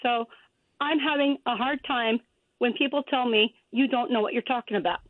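Calling a radio program, this fiftysomething woman chats away in a rambling manner, laughing throughout. She speaks at a moderate pace in a slightly high voice, with no echo, though the phone line sounds tinny.

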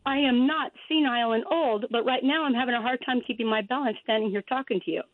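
A woman's voice: fairly high pitch, fast talker, no echo. A woman in her fifties calling in to a radio show by telephone, rambling and chatty, laughing as she talks. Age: 50s. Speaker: caller. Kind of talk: call-in radio chat. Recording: tinny phone line.

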